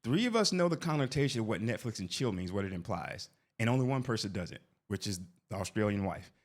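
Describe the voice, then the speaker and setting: A man's voice: on the low side, very animated, fairly quick. Chatty man telling a story. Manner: rambling, tags lines with "right?". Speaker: vlogger. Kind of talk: casual storytelling.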